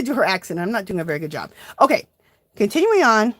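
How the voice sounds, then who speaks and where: A woman hosting a casual livestream art tutorial, chatting easily to her viewers as she works. She talks in a friendly, upbeat way at a medium pitch. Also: very animated, fast talker, dry recording, studio quality. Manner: chatty, addresses viewers as "you guys". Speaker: art journaling host.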